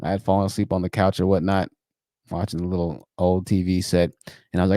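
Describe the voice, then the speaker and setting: Male call-in show host, low and warm, chatty and animated, dry close sound. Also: fast talker, no echo. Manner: animated, chatty, laughs at his own stories. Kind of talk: livestream commentary and storytelling.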